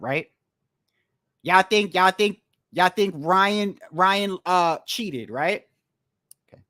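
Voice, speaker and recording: A man's voice: sits high, a bit bright, dry recording, studio quality. A man giving a heated, profane boxing commentary rant, repeating his points for emphasis. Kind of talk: ranting vlog commentary.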